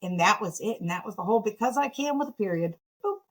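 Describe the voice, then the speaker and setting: A woman from Michigan, a podcast guest, telling her story in a casual, animated, self-deprecating way with frequent laughter. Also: fairly low pitch, fast, low-quality recording. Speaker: podcast guest, nonprofit founder.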